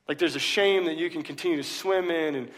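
A man's voice: a little high, fairly quick, a bit bright. A male pastor preaching a sermon in a casual, emphatic way, full of slang, in a church. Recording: long reverb of a large hall.

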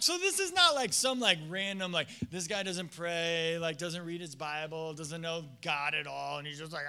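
A male pastor preaching a sermon in an animated, conversational way, acting out the voices he quotes. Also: high voice, measured pace, creaky, clear, resonant tone. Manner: animated, acts out quoted voices, many fillers.

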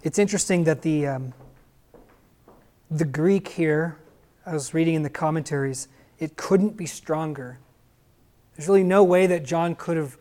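A man's voice: a little high, dark tone. A male pastor giving an explanatory sermon who keeps asking his listeners rhetorical questions.

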